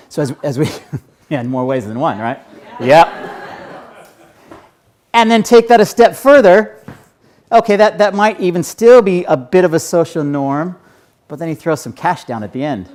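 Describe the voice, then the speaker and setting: A man's voice: fairly high pitch, darkish tone. A man giving a keynote on public speaking to a live audience, conversational and often checking in with "right?". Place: stage before a live audience.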